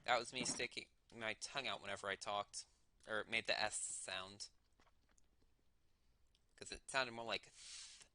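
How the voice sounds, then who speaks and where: A man's voice: lowish voice, steady tone, measured pace, long pauses, bright, forceful tone, a little hiss or hum. A young man streaming a game, talking to himself in a casual, rambling way and correcting himself as he goes, with a slight lisp on his S sounds. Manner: musing aloud, self-correcting while playing. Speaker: livestreamer. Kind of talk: casual gameplay commentary.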